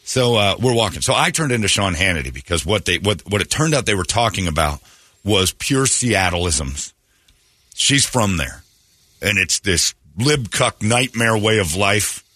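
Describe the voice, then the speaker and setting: Radio host guy from phoenix telling a story, lowish bright voice, dry close sound. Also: no room sound. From Phoenix, Arizona. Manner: animated storyteller, mimics people he describes. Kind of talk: casual storytelling on a radio show.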